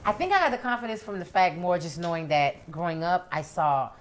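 A woman from Miami talks through her early career in a relaxed interview, animated and storytelling. Her voice sits low in her range. She slips into other people's voices when she quotes them. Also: fairly quick, a little hiss or hum. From Miami, USA. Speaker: rapper, interview guest. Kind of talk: casual interview.

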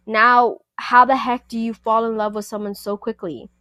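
A woman's voice: a little high, normal speed, no echo. Sassy woman reviewing a book. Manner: sassy, animated, talks back to the characters. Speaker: book review podcast host. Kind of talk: casual spoken book review.

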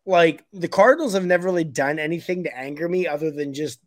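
A man's voice: on the high side, fast, no room sound, studio quality. A man co-hosting a casual sports podcast, opinionated and blunt, rambling with restarts. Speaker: podcast co-host.

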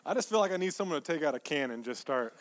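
High-voiced emphatic male preacher. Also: lively intonation, racing, a little hiss or hum. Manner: emphatic, repeats phrases, swings between soft asides and loud peaks. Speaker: pastor. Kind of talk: sermon.

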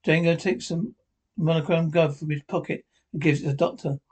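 A man reading a drama script aloud, including stage directions, in a plain and hurried way with slips. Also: a little high, steady tone, darkish tone, breathy edge. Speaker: script reader.

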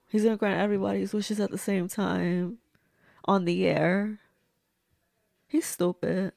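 Woman movie reviewer, gravelly low-fry voice, unhurried casual watch-along chatter, blunt and swears freely. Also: darkish tone, no room sound, clean studio sound.

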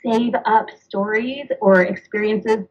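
A woman in her thirties, a mother and author, is a guest on a podcast in a conversational interview, speaking earnestly, rambling a little as she explains and acting out dialogue. Her mid-range voice is steady, slow, and slightly rough, with the highs cut off.

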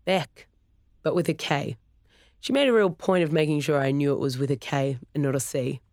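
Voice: mid-range voice, normal speed, darkish tone, no room sound, studio quality, lightly acted. A narrator voicing a laid-back young musician son who talks bluntly in slang in a storybook reading. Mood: defensive.

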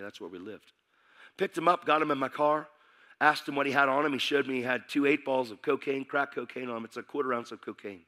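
A man's voice: mid-range voice, pushed and bright. A man preaching, telling his life story in an urgent, vivid way. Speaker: preacher giving testimony. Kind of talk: sermon testimony.

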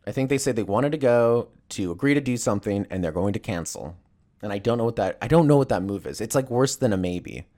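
A man ranting casually and comedically, rambling and swearing as he tells stories. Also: lowish voice. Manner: rambling, profane, animated storytelling.

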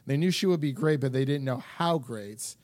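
A man co-hosting a podcast in casual chat, animated and full of fillers as he acts out quotes. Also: medium pitch, normal speed, dry recording. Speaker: podcast co-host.

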